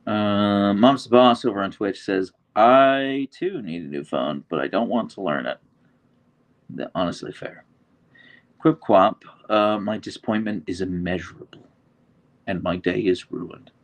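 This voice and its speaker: This livestream host speaks at a fairly low pitch and an unhurried pace. He's hosting an informal stream from his phone, reading comments from viewers aloud and chatting with his dogs in an easygoing manner.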